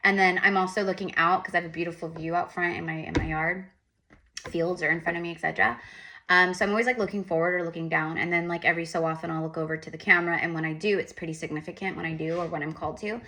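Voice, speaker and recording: Bright, chatty woman tarot reader, rambling and repetitive. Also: fairly low pitch, quick pace, slight background noise. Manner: rambling, repetitive, animated asides. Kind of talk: casual spoken tarot reading.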